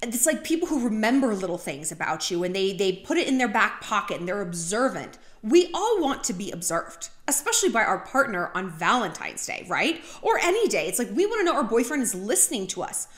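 Talkative woman host giving dating tips, fairly high voice, roomy room sound. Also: normal speed. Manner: talkative, heavy use of "like", animated asides. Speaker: vlogger giving dating advice. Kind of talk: casual chatty monologue. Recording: roomy echo.

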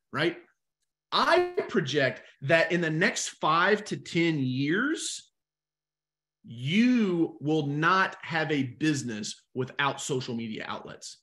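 Energetic male coach, slightly high, very lively delivery, engages the chat. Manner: energetic, animated, talks to the chat. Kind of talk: live webinar teaching.

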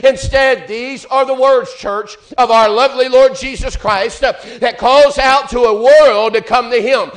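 A man preaching a fervent sermon in church, building rhythmic refrains and swinging between loud and hushed. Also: very high voice, fairly even intonation, unhurried, few pauses. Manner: fervent, rising and falling in volume, repeated refrains.

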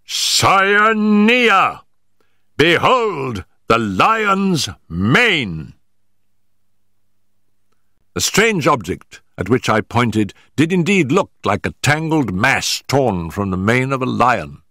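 A man narrating an audiobook in a deliberate, dramatic manner. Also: mid-range voice, sing-song, a bit bright, no room sound, clean studio sound. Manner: deliberate and dramatic, in period prose. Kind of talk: scripted narration.

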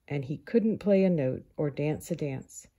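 A woman reading a children's picture book aloud in a calm, unhurried storyteller manner. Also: sits low, breathy edge.

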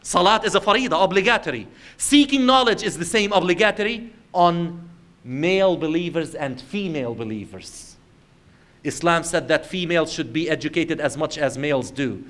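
A male Islamic lecturer addressing his audience in a fairly high voice. He tells everyday stories and poses rhetorical questions, moving between loud emphasis and slow, quiet earnestness. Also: expressive.

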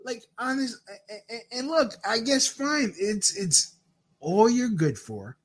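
A man's voice: extremely high pitch, expressive, a little slow, breathy edge. A man giving a crude, rambling rant, with frequent stammered restarts. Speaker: commentator. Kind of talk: profane rant commentary.

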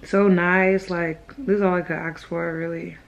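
A woman's voice: lowish voice, fairly even intonation, normal speed, vocal fry, lo-fi sound. A young woman chatting casually to camera in a vlog, gushing and laughing often. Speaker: vlogger.

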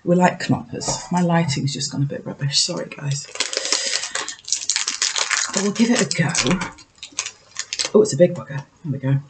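A woman's voice: low voice, moderate pace, long pauses, heavy background noise. A woman vlogger in casual chat, thinking aloud and joking at herself as she tastes snacks. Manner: chatty, self-mocking, thinks aloud while tasting.

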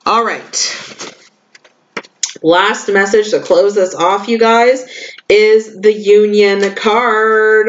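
A woman giving a spiritual card reading in a vlog, talking loudly and passionately with big swoops in pitch. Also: very slow, pauses often, slight background noise. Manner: loud, passionate, swooping and animated. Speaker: spiritual reader and shaman. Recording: muffled lo-fi audio.

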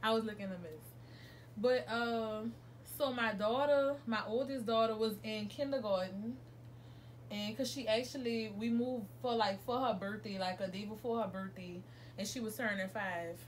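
A young woman vlogging from her New Orleans home tells a casual, chatty storytime, rambling and self-correcting throughout. Her medium-pitched voice moves at a moderate pace over a little hiss or hum.

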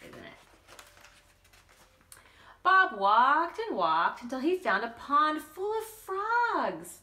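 Animated woman reading a picture book. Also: medium pitch, slow, roomy sound. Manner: animated, with playful asides to listeners. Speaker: children's book reader.

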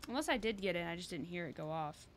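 A woman's voice: lowish voice, lively intonation, quick pace, a little hiss or hum. A woman streamer chatting through a game, swearing freely and poking fun at herself. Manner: chatty, sweary, self-mocking. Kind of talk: casual gameplay commentary.

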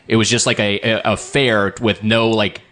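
A man's voice: on the low side, little pitch movement, normal speed, a bit bright. Rambling male podcast co-host. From Southern California. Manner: rambling anecdotes with fillers. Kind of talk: casual comedic chat.

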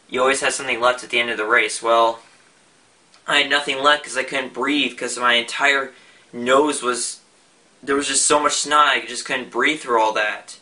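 A man's voice: mid-range voice, pushed and bright. A young man talking casually in a vlog, rambling with frequent restarts and fillers. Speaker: vlogger. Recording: voice a bit far from the mic.

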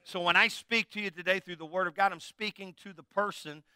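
Middle-aged male pastor, conversational jokey sermon with call-and-response, bright crisp voice. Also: high-pitched, steady tone, fairly quick, dry recording, studio quality.

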